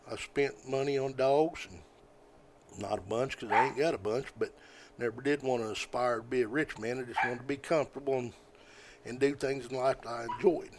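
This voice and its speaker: An older man, a podcast guest telling stories in a folksy, rambling way, often halting with fillers. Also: mid-range voice, noisy background. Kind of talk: casual storytelling.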